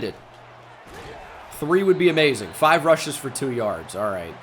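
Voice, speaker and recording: Excitable man commentating his own gameplay. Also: measured pace, long pauses, a little hiss or hum. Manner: shifts from low musing to loud shouting at big plays. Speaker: gaming YouTuber.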